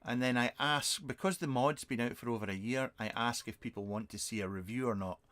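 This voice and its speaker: A man's voice: medium pitch, fairly quick, fairly bright tone. A British man over fifty, hosting a casual live vlog from his shed, answering viewer questions in a rambling, sarcastic, self-mocking way with plenty of fillers. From Britain. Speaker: vape reviewer and channel host. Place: home shed. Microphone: webcam.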